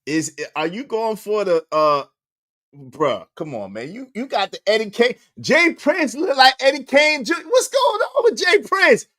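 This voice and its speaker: A man in riffs on a stream, teasing and animated. His voice swoops widely in pitch while he keeps an unhurried pace. The sound is close and dry. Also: dry recording. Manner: animated, mocking, bursts into song and laughter. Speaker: commentary streamer. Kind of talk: casual reaction commentary.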